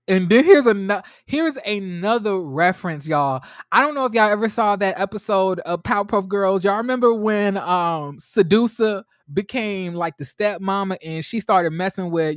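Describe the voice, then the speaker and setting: A man reviewing a TV episode for his viewers in a chatty, animated way, talking straight to them and often restarting his sentences. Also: sits high, moderate pace, clear, resonant tone, dry recording, studio quality. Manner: restarts and trails off a lot. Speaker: TV show reviewer. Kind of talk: casual episode recap to viewers.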